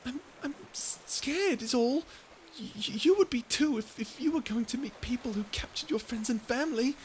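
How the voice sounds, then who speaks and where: A woman's voice: medium pitch, lively intonation, takes it slowly, slight background noise. A woman voicing a prickly young sea creature who stammers and hides her fear behind insults, in a listener-perspective audio drama. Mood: flustered. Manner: stuttering, flustered tsundere bluster.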